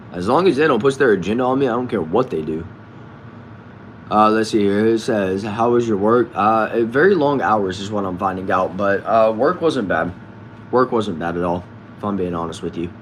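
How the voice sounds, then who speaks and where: Low-voiced man chatting from a shed. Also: a little hiss or hum. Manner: relaxed, reads comments aloud and answers. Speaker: livestream host reading chat. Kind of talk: casual live chat. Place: backyard shed.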